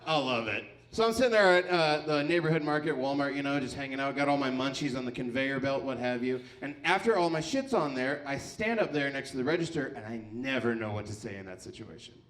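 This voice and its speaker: A man in his thirties performing a stand-up set on a live stage, telling crude, self-mocking stories into a handheld mic and breaking into sudden shouts. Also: medium pitch, a little fast, few pauses. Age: 30s. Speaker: stand-up comedian.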